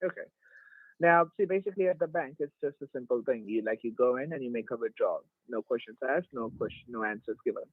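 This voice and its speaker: Husky-voiced man, dry phone line, smooth coaxing caller giving instructions. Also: medium pitch, fast, dry recording. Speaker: phone scammer posing as bank agent. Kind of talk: phone call.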